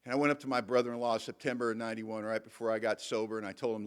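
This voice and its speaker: A middle-aged man speaks to a convention audience about his recovery, recounting his own story candidly and emphatically with self-mocking humor, as an AA speaker in a convention hall. His lowish voice is flat and clean-toned, and he talks very fast.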